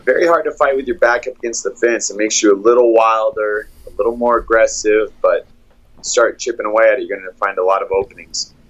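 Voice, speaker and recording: A man who coaches fighters, calmly breaking down fight footage play by play in a steady, analytical way. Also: lowish voice, a little fast, lo-fi sound.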